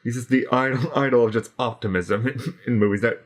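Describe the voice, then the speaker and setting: A man's voice: medium pitch, fairly even intonation, brisk. A young man co-hosting a film review in casual chat, easygoing and agreeable, laughing often.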